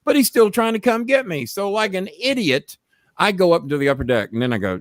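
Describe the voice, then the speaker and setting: A middle-aged man telling a story in casual chat, profane and animated. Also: high voice, brisk, dry recording, studio quality. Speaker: storyteller and show host.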